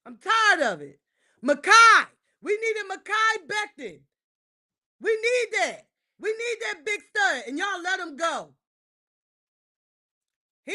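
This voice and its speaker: A woman hosting a livestream, ranting casually to her chat about her football team. She repeats lines for emphasis and swings between shouting and muttering. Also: very high voice. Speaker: livestream host. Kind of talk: casual sports rant to live chat.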